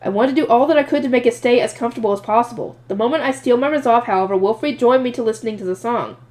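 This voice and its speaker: Fast, lively woman reading a novel aloud. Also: a little high. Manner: lively, expressive reading with voiced asides. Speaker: audiobook reader. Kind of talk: reading a light novel aloud, first-person narration.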